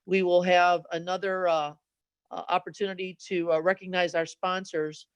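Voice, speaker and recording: A woman emceeing an online event, speaking haltingly with many pauses and fillers over a video call. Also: fairly low pitch, little pitch movement, smooth, no echo. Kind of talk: event hosting.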